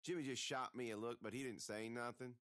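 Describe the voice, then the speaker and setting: A man's voice: medium pitch, fairly even intonation, fairly quick, fairly bright tone, no echo, studio quality. A man reading a folksy first-person story aloud as an audiobook narrator.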